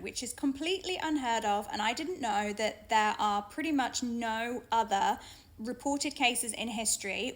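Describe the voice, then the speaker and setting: A woman's voice: mid-range voice, fairly bright tone. A young British woman telling a personal story straight to camera in a frank, earnest way. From Britain. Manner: earnest, frank, with pauses and restarts. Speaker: vlogger.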